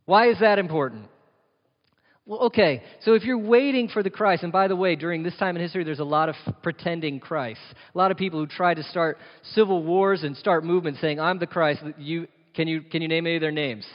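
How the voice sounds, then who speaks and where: A man's voice: on the high side, brisk. A man preaching a sermon as pastor, using rhetorical questions and emphatic repetition. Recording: dull sound with long reverb of a hall.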